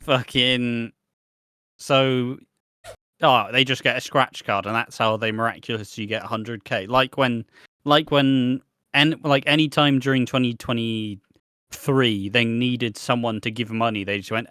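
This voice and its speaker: A man's voice: medium pitch, fairly even intonation, measured pace, pushed and bright, no room sound, studio quality. A man co-hosting a podcast, chatting casually about a soap episode, rambling with lots of restarts and swearing. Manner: rambling, restarts, swears, laughs at his own points. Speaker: podcast co-host.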